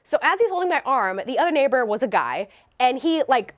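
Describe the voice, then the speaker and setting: A woman telling a storytime vlog, animated and laughing as she talks. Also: high voice, fairly quick. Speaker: vlogger.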